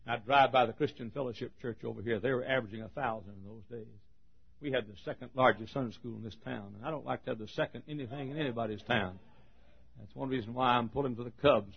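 A middle-aged pastor preaching a sermon, moving from quiet storytelling to loud, shouted preaching. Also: male voice, mid-range voice, quick pace, creaky. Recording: dull lo-fi sermon recording.

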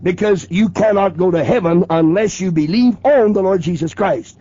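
A man's voice: sits high, moderate pace, mellow, slightly rough, no echo. A man preaching a radio sermon, emphatic and questioning the listener directly, on a dull lo-fi old broadcast.

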